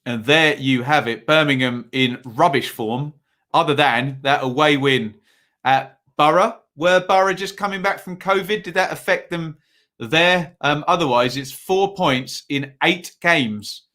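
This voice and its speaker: A man's voice: on the high side, measured pace, pushed and bright. A man hosting a casual football preview livestream, chatty and reading viewer comments aloud with lots of filler words.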